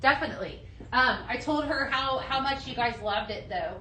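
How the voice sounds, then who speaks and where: A woman's voice: sits high, moderate pace, bright, forceful tone, slight background noise. A woman hosting a live shopping show, gushing over products with many ums and reading out viewer comments. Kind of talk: live product demo chat.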